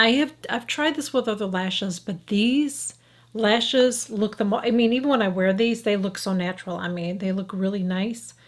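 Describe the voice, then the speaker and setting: A woman in her fifties talking casually through a makeup tutorial, frank and chatty, checking in with the viewer with a constant "okay?" as she works at her mirror. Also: a little high. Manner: talks while applying makeup, sometimes drops to a whisper. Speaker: beauty vlogger.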